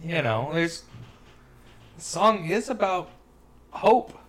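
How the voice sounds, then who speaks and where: A man co-hosting a casual podcast, his voice sitting a little higher than most men's. He rambles, restarts his sentences, and drops wry asides. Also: big pitch swings, takes it slowly, fairly bright tone. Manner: rambling, self-interrupting, wry. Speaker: podcast co-host. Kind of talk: casual chat.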